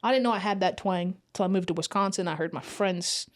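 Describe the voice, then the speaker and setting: A woman chatting on a podcast as a guest, telling stories in an animated, quick, impatient way. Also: fairly low pitch. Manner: animated storyteller, mimics other people's voices. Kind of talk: casual chat. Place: indoor podcast studio.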